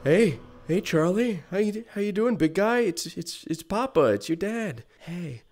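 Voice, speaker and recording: A man's voice: high voice, lively intonation, unhurried, darkish tone. A man improvising a comedic dad role-play while playing a VR game, swinging between coaxing and panicked outbursts. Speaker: VR game streamer.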